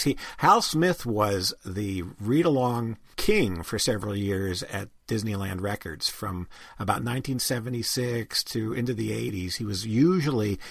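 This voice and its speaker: A man's voice: on the low side, vocal fry, husky, no room sound, clean studio sound. A man hosting an interview, asking long, enthusiastic, rambling questions. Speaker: podcast host.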